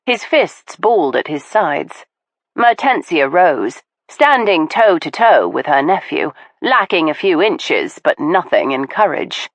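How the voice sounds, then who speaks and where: A woman narrating a period mystery novel in the first person, measured and expressive. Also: low-pitched, no echo. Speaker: audiobook narrator.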